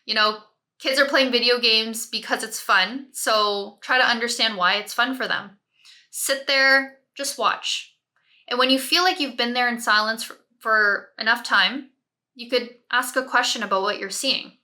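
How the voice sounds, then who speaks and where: A woman parent coach giving direct, step-by-step advice, often checking in with a quick "right?". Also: fairly high pitch, pushed and bright. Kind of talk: advice talk to camera.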